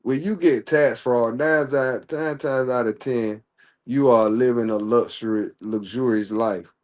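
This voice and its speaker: A man's voice: mid-range voice, steady tone, a little slow. A man ranting in casual livestream commentary, heated and profane. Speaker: streamer.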